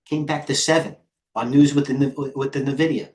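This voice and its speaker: Steady in tone and moderate in pace, this man's mid-range voice is darkish. He's in his 50s, casually commenting on markets during a live trading stream, brash and rambling, reading chat aloud with the occasional swear word.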